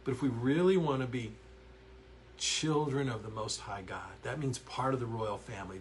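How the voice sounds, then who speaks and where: A man teaches an online Bible lesson from his counseling office, in an even, middle-pitched voice. He talks with earnest energy and answers viewers' comments as he goes. A faint hum of the room sits behind him. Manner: earnest, animated, reads verses aloud and reacts to typed comments.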